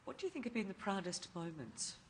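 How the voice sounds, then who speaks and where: A woman interviewing two guests, asking gentle questions and affirming their stories. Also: medium pitch, sing-song, fast talker, very noisy.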